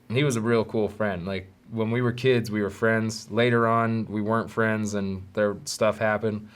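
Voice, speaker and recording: A man hosting his own podcast, telling stories from childhood in a candid, rambling, self-deprecating way. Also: on the low side. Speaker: podcast host. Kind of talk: solo storytelling podcast.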